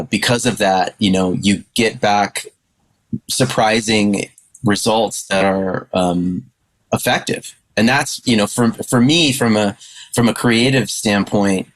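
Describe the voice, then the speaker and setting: A man on a panel discussion talking with excited enthusiasm, stammering and restarting his sentences as he goes. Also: lowish voice, poor audio.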